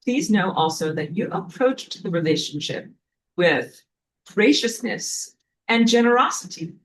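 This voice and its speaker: A woman's voice: on the low side, fairly bright tone. A woman giving a casual, dramatic spiritual lesson, stopping now and then to find her place. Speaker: spiritual teacher.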